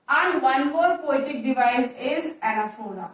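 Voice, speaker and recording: A woman teacher, slowly explaining a poem to a class and repeating her points. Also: high voice, fairly bright tone. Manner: slow, repetitive explaining with restarts. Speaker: English teacher. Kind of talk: classroom poetry lesson. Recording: echoey room, voice far from mic.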